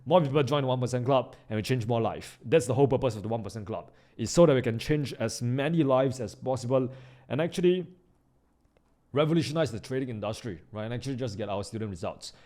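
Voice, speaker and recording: Excitable man narrating live trades. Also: mid-range voice, quick pace. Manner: excitable, slangy, bursts into loud hype then drops to mutters. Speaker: trading YouTuber. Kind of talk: live trading commentary.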